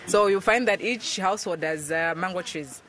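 A woman's voice: lowish voice, normal speed, a bit bright. A woman, a volunteer program coordinator, explaining things in an interview with frequent fillers. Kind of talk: interview answers.

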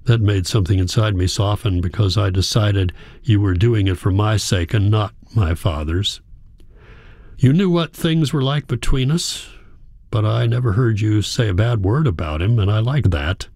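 A man reading a novel aloud in a measured, reflective storytelling manner. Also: lowish voice, lively intonation, darkish tone, no echo, clean studio sound. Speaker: audiobook narrator. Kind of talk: scripted narration.

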